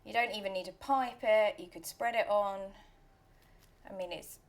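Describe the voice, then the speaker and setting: In a kitchen, a woman in her thirties runs a laid-back cooking demonstration with a medium-pitched voice at normal speed. Her manner is chatty and fun, dipping at times into soft remarks poking fun at herself.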